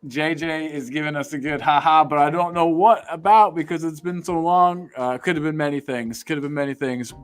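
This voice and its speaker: A man's voice: on the high side, a little fast, few pauses, smooth, soft background music. A young American man hosting a casual chat, reading out live comments and rambling with repeated words. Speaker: podcast host.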